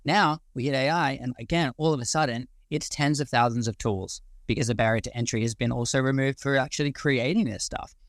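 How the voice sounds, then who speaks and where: A man's voice: medium pitch, fairly quick, hardly any pauses, no echo. A man in his forties with an Australian accent, a guest speaker in a casual live audio discussion, ranting passionately and rambling with some casual swearing.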